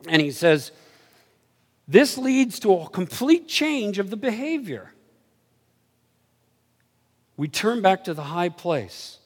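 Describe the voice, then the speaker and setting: A man preaching a sermon, telling stories animatedly and swinging from low murmurs to excited highs. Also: slow, long pauses. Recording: reverberant hall.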